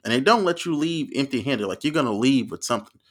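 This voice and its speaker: A man's voice: mid-range voice, lively intonation, fast talker, a bit bright, slight background noise. A man around thirty from the American South, telling funny stories in a rambling, profane, casual way. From Southern United States. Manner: rambling and profane, laughs often. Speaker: storyteller. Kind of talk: casual comedic storytelling.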